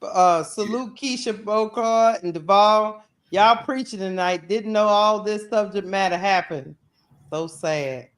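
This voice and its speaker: A man co-hosting a sports livestream, dropping brief, calm comments and viewer shout-outs. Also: sits high, unhurried. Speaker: co-host. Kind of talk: casual livestream chat.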